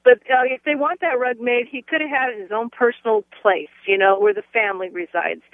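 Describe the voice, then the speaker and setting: High-voiced male caller on a tinny phone line. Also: brisk, no echo. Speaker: radio show caller. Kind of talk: call-in comment.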